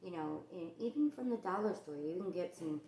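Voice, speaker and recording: A woman's voice: lowish voice, animated, brisk, dark tone, roomy sound, slight background noise. A woman from the New York and New Jersey area with a New York accent, chatting casually as she demonstrates a recipe in her home kitchen. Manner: chatty, rambling, with many fillers. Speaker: cooking channel host.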